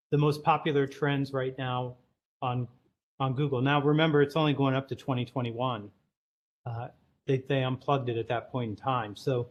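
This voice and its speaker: A man on a podcast who talks bluntly and plainly. His voice sits at an ordinary middle pitch, and he sounds sure of his opinions. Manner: direct, opinionated, plain-spoken. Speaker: guest sales author. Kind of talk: casual podcast conversation.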